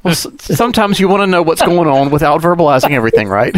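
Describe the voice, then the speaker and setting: Man, tabletop player, halting, self-correcting, quick to laugh, dry close sound. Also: a little high, no room sound. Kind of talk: tabletop game play, in and out of character.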